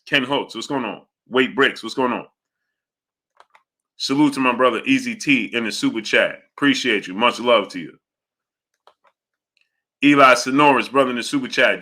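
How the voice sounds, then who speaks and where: A man hosting a live boxing talk stream, breaking off his points to greet viewers in the chat and asking whether they understand what he's saying. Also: mid-range voice. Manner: rapid shout-outs to chat viewers, repeats "you understand what I'm saying". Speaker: boxing talk show host. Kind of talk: live-stream commentary reading super chats.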